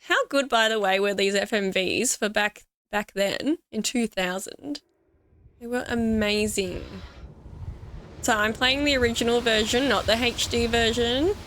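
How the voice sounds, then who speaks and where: A woman in her thirties with an Australian accent, giving gushing, excitable commentary on a game she loves. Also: a little high, measured pace. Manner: excitable and gushing, laughs often. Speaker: let's play gamer. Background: faint game music.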